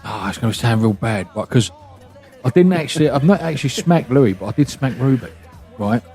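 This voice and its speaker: A middle-aged man talks fast and bluntly, swearing freely as he tells family stories. His pitch sits in the normal range for a man. Faint music plays under the chat. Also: expressive, warm tone, husky. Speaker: podcast host. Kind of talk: casual chat.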